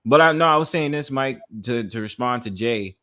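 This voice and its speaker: A man's voice: medium pitch, moderate pace, pushed and bright. A man in casual podcast chat who rambles, agrees readily and laughs often, with many ums. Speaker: podcast co-host.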